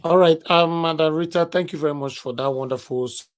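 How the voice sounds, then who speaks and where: Nigerian man hosting a video-call panel. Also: on the high side. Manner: courteous, brisk, calls on speakers. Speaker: host. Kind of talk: moderating a live-stream panel.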